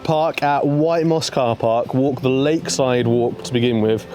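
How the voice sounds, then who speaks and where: A young man with a warm, medium-pitched voice talks unhurriedly to the camera while fishing and hiking by a lake outdoors. He's a chatty, self-mocking outdoor vlogger who often addresses the fish directly. Music plays behind his voice.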